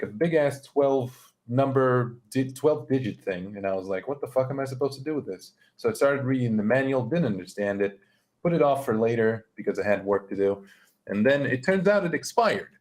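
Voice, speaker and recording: A young man chatting on a livestream, telling an anecdote in a loose, profane, exasperated manner. His voice sits at an ordinary middle pitch. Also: darkish tone. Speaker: streamer. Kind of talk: casual storytelling chat.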